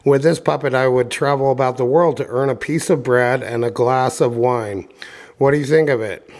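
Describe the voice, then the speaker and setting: A man voicing a fiery, poor old puppet-maker in a put-on cartoonish Italian accent, loud and exclaiming, raised above his own reading voice. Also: medium pitch, normal speed, close to an everyday voice. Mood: pleading, eager.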